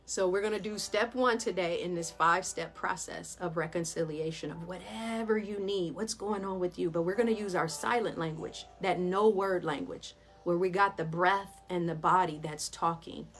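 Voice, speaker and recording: A woman's voice: on the low side, normal speed, few pauses, soft background music. A woman therapist and yoga teacher giving a casual guided mindfulness talk, chatty and laughing often, addressing listeners as "y'all".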